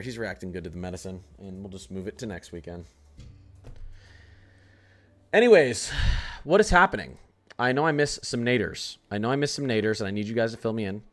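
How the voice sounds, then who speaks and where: A man hosting a weather livestream in casual chat, joking around and greeting viewers by name. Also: on the low side. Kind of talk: casual live-stream chat.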